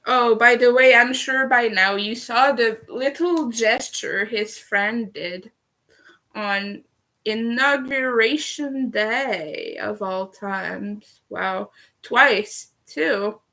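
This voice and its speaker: A Canadian woman chats through a relaxed livestream, taking her time over every sentence. Her voice sits a little high, and she laughs often and swears casually. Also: drawn-out words. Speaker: livestream host. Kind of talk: casual livestream chat while crocheting.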